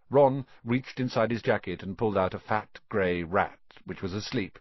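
A man narrating a storybook audiobook with an expressive, animated reading. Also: on the low side, moderate pace, hardly any pauses, no echo, dull audio.

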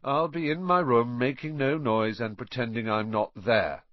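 A man reading a story aloud, voicing a glum, put-upon teenage boy who speaks low and toneless. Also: normal speed, no echo, highs cut off, lightly acted.

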